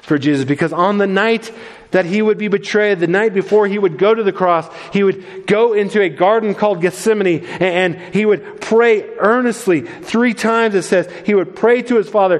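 Earnest preacher in an echoing hall. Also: male voice, high-pitched, moderate pace. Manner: earnest, with frequent restarts. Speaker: pastor. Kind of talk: sermon. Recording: long hall reverb.

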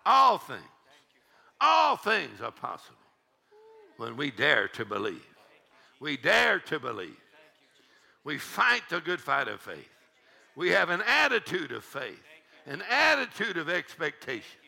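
A man preaching a charismatic sermon in a church, exuberant, shouting, whooping and leading the congregation in laughter. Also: a little high, huge pitch swings, measured pace, vocal fry, pauses often. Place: church sanctuary.

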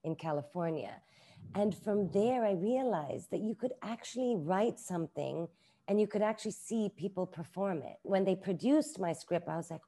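A woman's voice: mid-range voice, expressive, moderate pace, warm tone. A middle-aged woman, an author and publisher, talking casually in an interview with many filler words. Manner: chatty, uses many "like" fillers.

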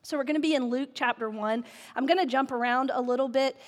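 A woman's voice: high-pitched, fast. A woman pastor giving a sermon, candid and self-mocking in her delivery. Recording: echoey hall with long reverb.

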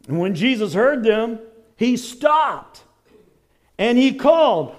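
Man, pastor, sermon, high voice, unhurried delivery. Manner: animated preaching, shouting out quoted cries.

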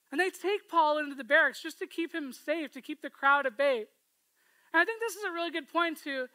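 A woman preaching a sermon in a high, bright voice. She retells the scripture story expressively, often asking listeners to imagine themselves in it. The sound is dry and close. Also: dry recording, low-quality recording.

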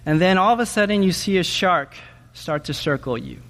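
A man preaching a sermon in an animated way, often asking his listeners questions and checking in with them with "okay?". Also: high-pitched, fairly quick, vocal fry, big-room sound. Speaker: pastor.

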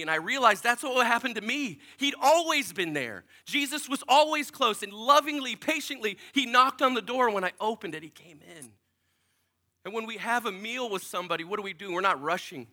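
A man preaching a personal testimony in a small church, telling his story with feeling and dropping to a hush for remembered prayers. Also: very high-pitched, lively intonation, normal speed. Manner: emotional storytelling, drops to near-whispers for inner prayers. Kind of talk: sermon testimony. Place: small church in a strip mall.

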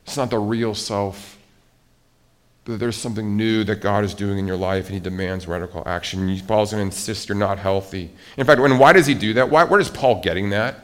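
A male pastor preaching a sermon in an animated way, rising to emphatic outbursts and dropping back down. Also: fairly low pitch.

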